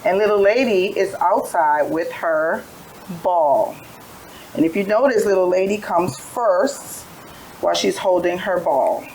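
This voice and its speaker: A woman's voice: lowish voice, measured pace, darkish tone, a little hiss or hum, rough recording. A tired woman teaching a phonics lesson to young children, telling little stories with letter sounds in a patient sing-song way. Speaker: preschool teacher.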